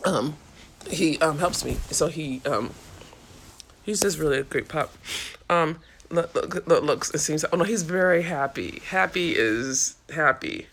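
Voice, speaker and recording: A woman's voice: low-pitched, measured pace, fairly bright tone, a little hiss or hum. A woman hosting a casual live stream, talking through comments with viewers in an impassioned, swearing, tired way.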